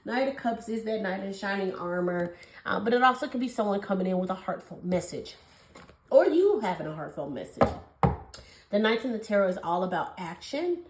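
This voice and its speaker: A young woman doing a casual tarot reading for her viewers, talking fast in a gushing, affectionate way and calling them honey and babies. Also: medium pitch, expressive, echoey room, a little hiss or hum, rough recording. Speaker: tarot reader.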